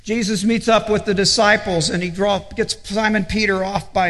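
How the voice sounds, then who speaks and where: A male pastor preaching an earnest sermon, with halting repetitions, dropping low and soft when he quotes scripture. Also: fairly even intonation. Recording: echoey hall.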